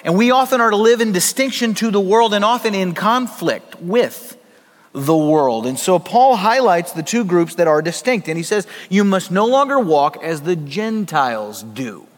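Male pastor, high voice, conversational sermon delivery, long hall reverb. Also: animated, moderate pace. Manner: conversational preaching with acted asides.

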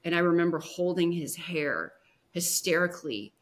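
This podcast guest, a woman, speaks at a fairly low pitch yet stays animated while tenderly telling a personal story, stopping often and beginning her sentences again.

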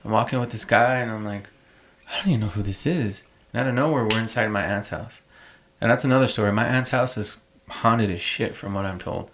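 A man on a podcast, telling a story in an animated, profane, casual way. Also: lowish voice, fairly quick, a little hiss or hum.

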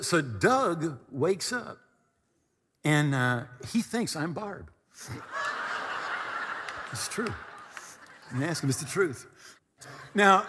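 A man preaching a storytelling sermon from a podium, animated and repetitive, moving between comic and earnest. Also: sits high, breathy edge. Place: church hall at a podium. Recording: reverberant hall.

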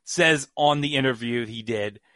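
Man, podcast host, casual storytelling, bright, dry close sound. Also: medium pitch, moderate pace, no room sound. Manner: chatty storyteller, many fillers. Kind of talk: casual chat.

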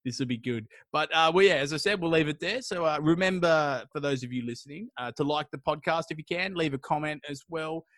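A man's voice: fairly high pitch, fairly bright tone, no room sound. Rambling man telling a story. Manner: rambling, crude, jokey, does quick voices for characters. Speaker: podcast host. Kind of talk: casual storytelling chat.

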